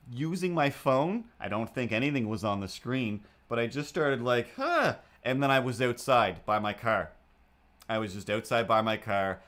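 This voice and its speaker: A man hosting a livestream, telling a story in a casual, rambling way, full of restarts and fillers, with a hard-to-place accent. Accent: self-made, hard to place. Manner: animated, jumps into squeaky voices for the people he quotes. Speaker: livestream host. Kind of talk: casual storytelling while drawing.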